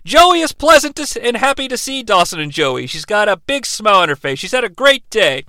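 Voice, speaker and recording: Man, podcast co-host, sarcastic episode recap, bright voice, dry close sound. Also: sits high, big pitch swings, fairly quick, no room sound. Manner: sarcastic, rambling, acts out dialogue.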